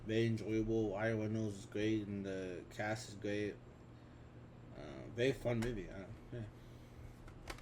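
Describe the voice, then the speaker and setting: Speaking at a measured pace with long pauses, this twenty-something male vlogger has a lowish, level voice. He chats casually and offhandedly about his film collection, full of fillers and restarts, against background noise.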